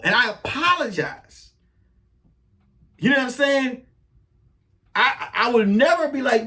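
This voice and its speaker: A man hosting a podcast, telling a story in a casual, comedic monologue with plenty of swearing and asides. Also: very high-pitched. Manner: animated storytelling, profane, riffs on a crew member. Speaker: podcast host.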